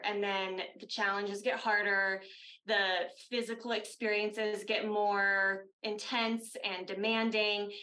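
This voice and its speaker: A woman who works as a wellness coach, speaking in a gentle, earnest way on a video call panel. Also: mid-range voice, slight background noise, low-quality recording. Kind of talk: reflective panel talk.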